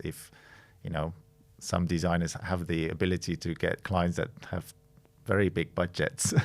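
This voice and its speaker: A middle-aged man from the Netherlands, a design studio's creative director, speaking as a guest in a podcast interview, thoughtful and hesitant with frequent restarts. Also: sits low.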